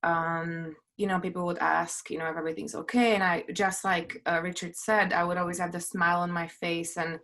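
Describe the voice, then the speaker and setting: Earnest woman near tears, halting. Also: lowish voice, flat delivery, fairly bright tone. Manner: earnest, halting, with many fillers and restarts. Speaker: panelist, film producer. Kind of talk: personal testimony on a panel. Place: at home.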